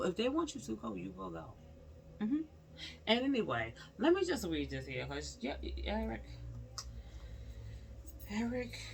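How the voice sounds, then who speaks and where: A man's voice: high-pitched, huge pitch swings, a little slow, creaky, pauses often, slight background noise. A man giving casual, rambling political commentary as a vlogger, repeating himself and talking straight at the person he's discussing. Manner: rambling, repetitive, exclamatory, talks straight to the subject.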